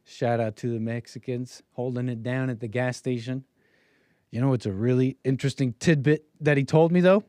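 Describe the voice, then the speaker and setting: A man's voice: medium pitch, steady tone, moderate pace, mellow, dry recording. A young man hosting a livestream, telling a casual, rambling story in a wry way and slipping into voices when he quotes people. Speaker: livestream host.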